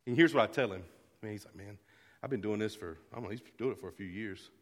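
A man pastor preaching a sermon to his church, earnest, dropping to a hush and rising to loud, fervent calls. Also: lowish voice, fast talker, long reverb tail. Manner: earnest, swings from hushed to loud. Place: church sanctuary.

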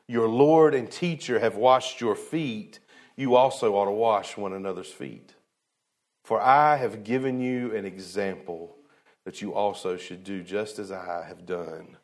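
A man preaching a sermon in a casual, colloquial way, his voice swinging from loud to hushed and slowing down for emphasis, with asides to the congregation. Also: on the low side. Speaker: pastor.

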